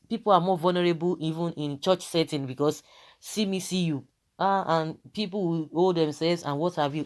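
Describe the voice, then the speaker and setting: A man's voice: fairly high pitch, darkish tone. A man with a Nigerian accent, hosting an online commentary and reading out viewer comments, switching between Pidgin and English with emphasis.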